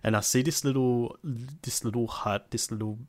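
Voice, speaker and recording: A man's voice: mid-range voice, normal speed. A young man with a middle-range voice chatting casually about a game. He rambles loosely and pads his sentences with fillers. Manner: rambling, relaxed, lots of fillers like "like". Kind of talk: casual gaming chat.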